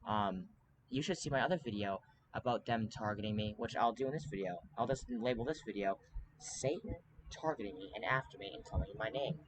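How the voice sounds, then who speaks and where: A man's voice: fairly low pitch, fairly quick, noisy background. A man talking to camera in a rambling, urgent way, full of fillers and restarts. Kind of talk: casual monologue to camera.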